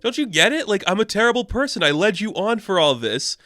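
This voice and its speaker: A man voicing a bitter young woman who lashes out at her lover in shrill, pleading outbursts. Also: fairly quick, sharp tone, no room sound, studio quality. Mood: angry.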